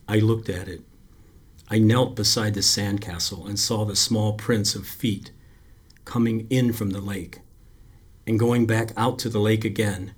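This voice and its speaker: A man reading a story aloud, taking his time over every line. His low voice is husky and slightly breathy, and he speaks quietly and broodingly. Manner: slow, quiet, brooding delivery. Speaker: narrator. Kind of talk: scripted story narration.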